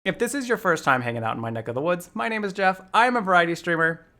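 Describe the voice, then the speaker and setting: A man live-streaming a game, chatting casually with viewers, giggly and animated as he greets them by name. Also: high voice, very fast.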